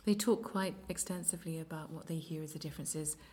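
A woman narrating an accent lesson in a measured, explanatory way. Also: sits low, warm tone. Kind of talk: instructional narration.

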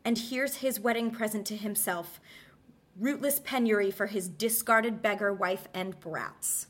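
A woman's voice: mid-range voice, measured pace, a bit bright. A woman reading a dramatic monologue as a betrayed, furious queen of Greek tragedy, declaiming with bitter passion. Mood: scornful.

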